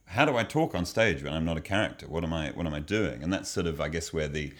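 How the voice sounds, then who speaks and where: A man's voice: a bass voice, expressive, quick pace. A man, a children's musician and comedian, talking as an interview guest, thoughtful and often restarting sentences. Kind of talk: casual interview chat.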